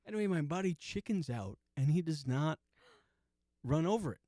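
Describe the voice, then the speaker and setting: A man's voice: a little high, animated, normal speed, warm tone, no room sound, clean studio sound. A man in his forties hosting a podcast, telling a story casually, swearing often and laughing through it. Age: 40s. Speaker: podcast host.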